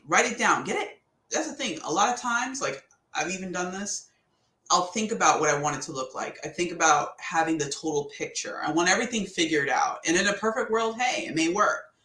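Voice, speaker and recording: A woman's voice: on the low side, fairly bright tone. A woman podcast host giving a casual motivational talk, chatty and slangy, who laughs often. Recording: roomy echo.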